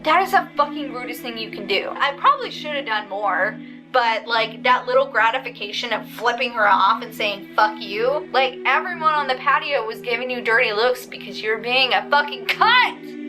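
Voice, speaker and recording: A woman vlogger on a windy day outdoors, telling her story in an indignant, profane rant. Her voice sits fairly high, and music plays under it the whole time. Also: brisk, rough recording. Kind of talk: casual storytime vlog.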